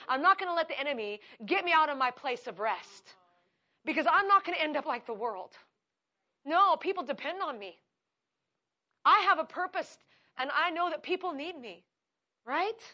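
A middle-aged woman preaching with fervent conviction, her delivery rising into firm, declarative prayer. Her voice sits a little high and sounds bright and forceful. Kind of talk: sermon.

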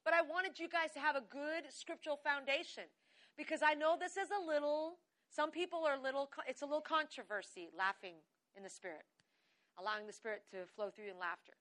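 A woman preaching a sermon with exuberance, often breaking into laughter and reading scripture slowly. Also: sits high, a bit bright.

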